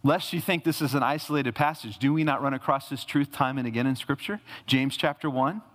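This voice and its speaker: A man's voice: medium pitch, brisk, fairly bright tone. A male pastor preaching a sermon, asking rhetorical questions and repeating phrases for emphasis. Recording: reverberant hall.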